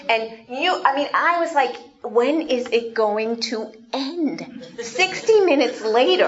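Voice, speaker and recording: A woman giving an animated storytelling talk, asking her audience questions as she goes. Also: high-pitched, dull audio. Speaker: speaker.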